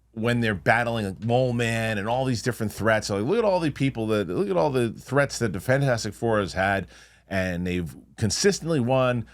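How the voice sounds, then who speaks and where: A man hosting a casual film review, retelling scenes in an animated, rambling way with many restarts. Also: lowish voice. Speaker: movie review host. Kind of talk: casual spoiler review chat.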